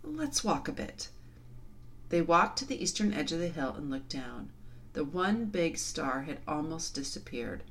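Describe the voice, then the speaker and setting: A woman reading a children's novel aloud in an expressive, dramatic storytelling style. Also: low voice, moderate pace. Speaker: storybook reader.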